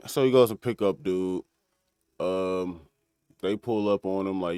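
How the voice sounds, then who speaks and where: A man's voice: sits low, steady tone, a little slow, a little mellow, clean tone, no room sound. A man casually recapping an episode on a stream, rambling with fillers, restarts and laughter.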